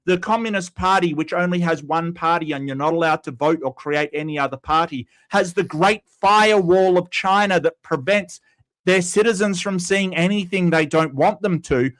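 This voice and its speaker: An Australian man with a notably high voice tears into a viewer, swearing and shouting insults in a heated livestream rant. He speaks as a young guest co-reviewing a debate. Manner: heated, profane, rapid ranting.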